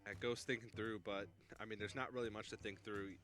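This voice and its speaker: A man's voice: on the low side, steady tone, brisk, a bit bright, faint music behind. A man co-casting a card game tournament, analytical with dry jokes. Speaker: esports caster. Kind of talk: live esports commentary.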